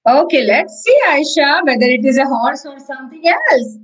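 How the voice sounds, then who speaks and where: A woman with an Indian English accent teaching preschoolers in an online class, telling a story slowly and repeating words for small children. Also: high voice, big pitch swings, poor audio. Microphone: video call.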